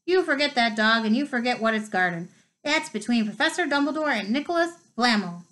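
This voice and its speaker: A woman reading aloud, voicing a big, gruff grown man who is insistent and a little heated. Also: a little high, lively intonation, fairly quick, bright, forceful tone.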